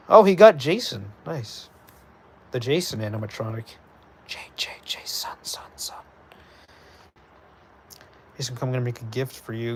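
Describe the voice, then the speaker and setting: A man streaming live, chatting casually with his viewers and reading their messages aloud in animated bursts. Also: mid-range voice. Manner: animated, reads chat aloud, excitable bursts. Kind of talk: casual livestream chat.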